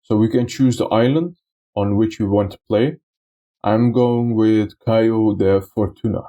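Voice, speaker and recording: Male let's-play host, low mellow voice, explanatory and unhurried. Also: dull audio. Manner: explanatory, step-by-step, with frequent uh and so. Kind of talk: gameplay commentary.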